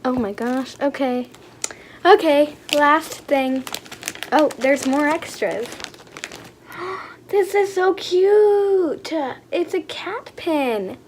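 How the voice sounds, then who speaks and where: A young woman excitedly unboxing toys for her vlog, gushing and gasping with lots of fillers. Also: sits high, very slow, slight background noise. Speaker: vlogger.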